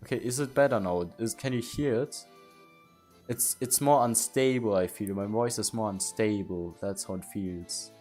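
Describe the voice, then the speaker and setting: A man talks to his live-stream viewers in a slightly low voice. His speech is casual and halting, and he often repeats words as he checks in with the chat. He keeps putting questions to them. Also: darkish tone, soft background music. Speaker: game streamer.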